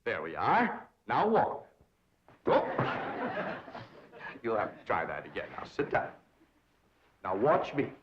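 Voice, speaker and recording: A man's voice: fairly low pitch, huge pitch swings, slow, pauses often, exaggerated voice. A pompous young dandy who talks in grand, theatrical flourishes, his voice swooping up and down. The sound is a slightly muffled old sitcom track with faint hiss. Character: pompous young society man playing tutor. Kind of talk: 1960s sitcom acting. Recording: dull 1960s TV soundtrack.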